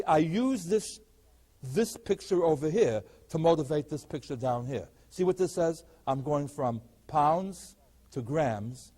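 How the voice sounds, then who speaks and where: A man's voice: mid-range voice, warm tone. An older male math professor giving a recorded lecture, explaining each step and asking rhetorical questions.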